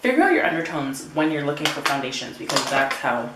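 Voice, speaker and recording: A woman's voice: low voice, very animated, fast, very noisy. A young woman chatting casually while doing her makeup, rambling and acting out her own quotes. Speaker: beauty vlogger. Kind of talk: casual get-ready-with-me chat. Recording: roomy, slightly distant home recording.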